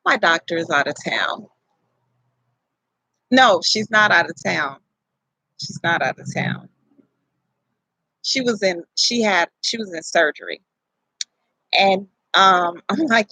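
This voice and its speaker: A young woman from casually telling her birth story, animated and profane, rambling with self-corrections. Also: on the low side, a little slow, gravelly, long pauses, no room sound, rough recording.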